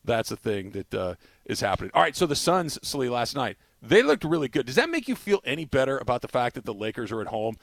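A man in his forties from the Los Angeles area, co-hosting a casual sports talk show and telling animated stories. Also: medium pitch, quick pace, no room sound. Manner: animated storyteller, does loud bird-call impressions. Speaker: sports radio co-host.

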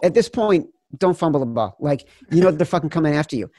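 A man's voice: a little high, animated, fast, mellow, dry recording, clean studio sound. A man from the Chicago suburbs hosting a casual sports betting chat, fired up and profane. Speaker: podcast host.

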